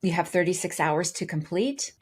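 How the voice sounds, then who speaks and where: A woman's voice: on the low side, expressive, normal speed, breathy edge. A woman co-hosting a podcast, telling her story in a chatty way with frequent restarts. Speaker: podcast co-host. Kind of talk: casual chat.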